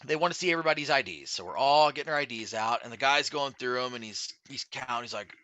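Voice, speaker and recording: Bright-voiced man telling a profane story. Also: medium pitch, fast, dry recording, lo-fi sound. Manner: profane, animated anecdote telling. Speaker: podcast guest. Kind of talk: casual storytelling chat. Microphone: studio podcast mic.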